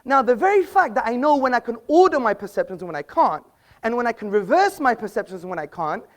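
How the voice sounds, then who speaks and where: Man giving an assertive debate speech. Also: very high voice. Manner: assertive, quips at the audience, quotes books. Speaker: debate speaker. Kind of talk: live public debate speech. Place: auditorium with audience.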